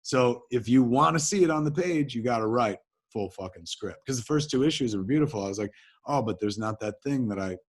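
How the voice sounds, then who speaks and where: A man from New Jersey, a guest in an interview, telling animated anecdotes in casual talk and swearing freely. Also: medium pitch, fairly quick, slightly rough. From New Jersey, USA. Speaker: interview guest, filmmaker and comics writer.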